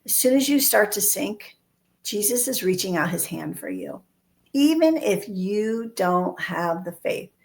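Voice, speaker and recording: A woman's voice: medium pitch, expressive, a little slow, darkish tone. A woman co-hosting a faith podcast, talking earnestly and acting out quoted voices in casual discussion. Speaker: podcast co-host.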